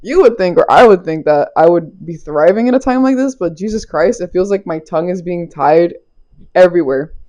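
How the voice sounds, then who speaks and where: A woman's voice: on the low side, lively intonation, a little fast, warm tone. A young woman giving a casual spiritual tarot reading, loose and chatty, laughing often and swearing casually. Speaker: tarot reader. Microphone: small clip-on mic.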